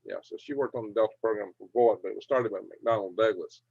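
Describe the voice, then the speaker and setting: Gravelly folksy man hosting a livestream. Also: lowish voice, fast talker, a little mellow, no echo. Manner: folksy, chuckling, reads comments out and replies. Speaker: livestream host. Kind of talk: casual livestream chat, reading viewer comments aloud. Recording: dull lo-fi dry sound.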